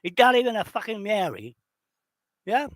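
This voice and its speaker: Angry kiwi guy ranting and swearing at people, higher voice, dry sound. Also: big pitch swings, normal speed, a bit bright, no room sound. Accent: New Zealand. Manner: heated, profane, addresses opponents directly. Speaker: video channel host.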